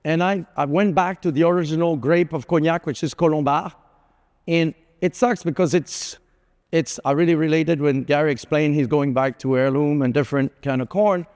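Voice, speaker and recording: A man's voice: fairly high pitch, steady tone, normal speed, darkish tone. A middle-aged man giving a conference keynote, telling anecdotes in a chatty way with lots of fillers. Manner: anecdotal, conversational, with frequent fillers. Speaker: keynote speaker. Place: large conference hall. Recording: reverberant hall.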